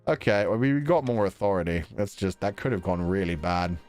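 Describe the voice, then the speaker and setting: A man's voice: sits low, expressive, fairly quick, a little mellow, faint music behind. A male streamer giving casual, joking game commentary, swearing freely and laughing often. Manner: joking, profane, laughs a lot.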